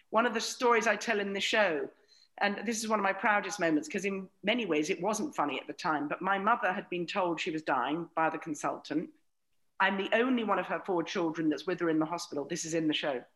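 A woman's voice: lowish voice, brisk, fairly bright tone. Wry, sweary woman telling stories. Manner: wry, sweary storytelling with acted-out voices. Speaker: guest, actress and comedian. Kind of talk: anecdotal podcast chat.

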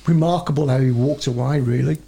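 Husky, gravelly British man reading messages. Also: mid-range voice, brisk, dark tone. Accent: British English. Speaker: podcast co-host reading listener messages. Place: studio.

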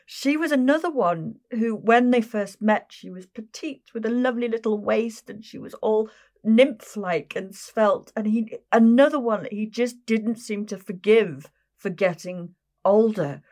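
A woman's voice: a little high, unhurried, darkish tone. A woman hosting a casual chat, reacting bluntly and with surprise. She swears freely and keeps the tone informal. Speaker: host.

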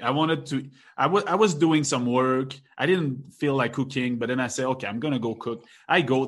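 A man's voice: medium pitch, fairly bright tone. Chatty young man. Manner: rambling, laughs often, many restarts. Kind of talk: casual chat.

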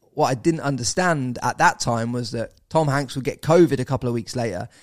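Animated English man telling a story. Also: mid-range voice, dry recording, studio quality. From England. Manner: animated, swears, says bro and mate. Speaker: podcast guest. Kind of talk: casual storytelling.

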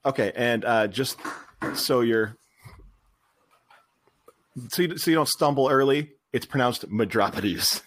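A man co-hosting a podcast, chatting casually about a movie, relaxed and rambling with laughs. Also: mid-range voice, measured pace, long pauses. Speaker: podcast co-host.

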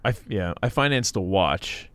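A middle-aged man co-hosting a podcast, relaxed and chatty, chiming in with agreeing murmurs. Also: low-pitched, normal speed, dry recording. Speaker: podcast co-host. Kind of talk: casual podcast conversation.

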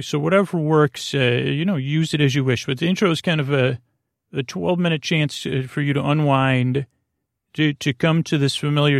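A man's voice: medium pitch, gravelly, no room sound, clean studio sound. A man hosting a sleep podcast, rambling through a meandering bedtime monologue with goofy asides.

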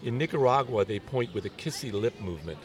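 A man's voice: mid-range voice, animated, fast talker. A man hosting a casual chat outdoors in a garden, playful and jokey, now and then acting out little voices. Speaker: show host.

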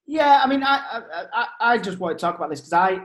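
Man, high-ish voice, halting restarts, echoey room, casual podcast host. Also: expressive, a bit bright. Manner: hesitant, repeats words when starting. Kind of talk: casual chat.

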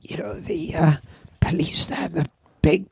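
With a crowd audible behind him, an older Welsh man talks a little slowly in a fairly high, gravelly, raspy voice. He's a surf shop owner and former surfing champion, telling rambling anecdotes with lively asides in a casual interview.

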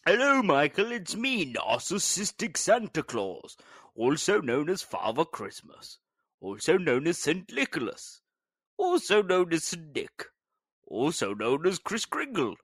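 A man's voice: on the high side, huge pitch swings, takes it slowly, a bit bright, dry recording, studio quality, exaggerated voice. A man voicing a vain, self-important Santa Claus on a comedy podcast, grandly reciting his own titles. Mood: pompous. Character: pompous self-obsessed male Santa Claus. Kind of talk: comedy podcast character bit.

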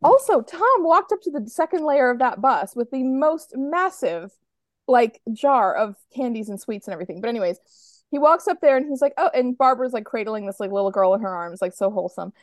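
A chatty American woman with a fairly high voice talks through TV scenes, peppering her speech with "like" and acting out the lines she quotes. The sound is close and dry. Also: expressive, brisk, no echo. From United States. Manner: chatty, retells scenes with lots of "like" and playful quoting. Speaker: podcast co-host. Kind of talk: casual chat.

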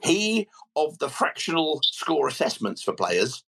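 Lively husky man hosting football chat. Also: on the high side, a little slow, poor audio. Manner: stammering restarts, jokey. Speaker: podcast host.

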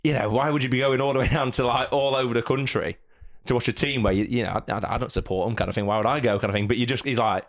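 A man's voice: medium pitch, steady tone, fast talker, hardly any pauses. A man co-hosting a football podcast, rambling in casual chat with lots of restarts. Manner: rambling, many restarts and "you know". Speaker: podcast co-host.

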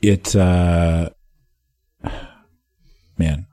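A man's voice: low voice, fairly even intonation, drawn-out words, warm tone. A man talking casually as a podcast guest, joking and laughing as he talks.

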